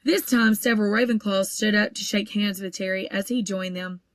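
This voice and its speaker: A woman narrating a children's novel at an easy, steady pace, stumbling now and then on a word. Her voice sits at an ordinary middle pitch. The room is dead and dry, close to the mic. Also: normal speed, no room sound. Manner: steady, even storytelling with occasional small stumbles. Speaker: audiobook reader. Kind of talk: audiobook narration.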